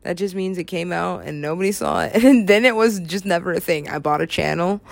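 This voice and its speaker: A woman's voice: lowish voice, fairly quick, creaky, no echo. A woman from the US West Coast in a loose, rambling casual chat, laughing often, swearing freely and slipping into silly voices. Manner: giggly, swears a lot, acts out silly voices.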